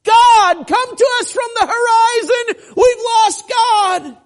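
A man voicing a despairing tribesman crying out for his lost god in loud, anguished wails. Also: very high-pitched, slow, pitched above the performer's own voice. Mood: wailing.

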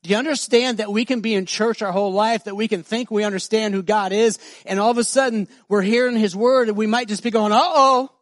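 High-pitched pastor guy preaching, dry close mic, goes quiet then gets loud and punchy. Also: steady tone, no echo. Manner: swings from soft and slow to loud, high emphatic preaching. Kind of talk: sermon.

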